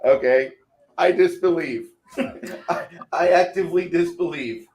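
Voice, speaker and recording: A man's voice: a little high, unhurried, a little mellow, slightly rough. Sarcastic rambling man guest. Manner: sarcastic, swears freely, rambling. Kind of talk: casual livestream chat.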